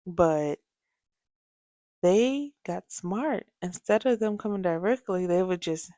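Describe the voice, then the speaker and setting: A young adult woman hosting a casual podcast, telling parenting stories with lively asides. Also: on the low side, slow pace, no room sound, clean studio sound. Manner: animated storytelling, acts out quoted voices. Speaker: podcast host.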